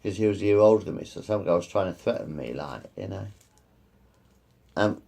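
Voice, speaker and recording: A man's voice: low voice, a little fast, creaky, long pauses, dark tone. A man in his fifties telling rambling personal stories, repeating himself and swearing freely. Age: 50s. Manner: repetitive, circles back and swears freely. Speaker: vlogger.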